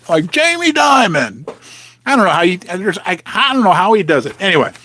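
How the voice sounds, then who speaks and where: Animated man ranting from his basement. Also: sits high, normal speed. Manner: animated, sarcastic asides, talks to himself. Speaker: host of a precious metals channel. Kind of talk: casual rambling commentary to viewers. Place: home basement.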